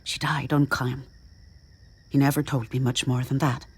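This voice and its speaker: A woman voicing a kind, caring woman scientist who speaks gently, at times in a whisper. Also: lowish voice, very animated, measured pace. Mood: gentle.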